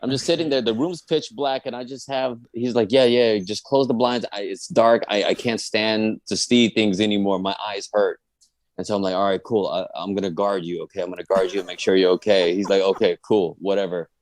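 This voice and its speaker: Lower-voiced man telling a funny story. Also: a little fast, no room sound. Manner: animated, acts out friends' voices. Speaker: guest comedian telling a story. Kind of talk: comic personal storytelling.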